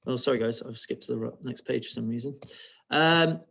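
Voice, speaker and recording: A man's voice: mid-range voice, fairly quick, creaky, a bit bright. A male primary school teacher giving an online writing lesson, patiently walking pupils through each step and checking they follow.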